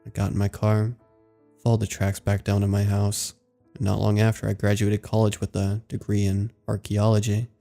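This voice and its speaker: Gravelly low-voiced male horror narrator. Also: completely flat delivery, moderate pace, mellow, soft background music. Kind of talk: scripted horror story narration.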